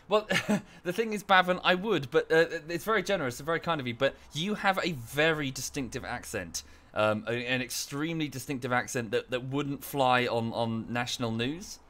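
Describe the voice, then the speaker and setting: A male streamer talking to his chat in a relaxed, rambling way, full of fillers and restarts. His voice sits at an ordinary male pitch with a bright, sharp edge. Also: moderate pace. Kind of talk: casual live-stream chat.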